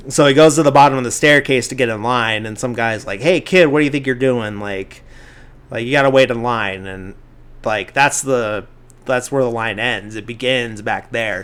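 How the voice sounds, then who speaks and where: A man's voice: medium pitch, a bit bright. A man hosting a podcast, casually retelling a movie plot in a rambling way, full of fillers like "like" and "um". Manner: briefly acts out characters' lines in the retelling. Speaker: podcast host.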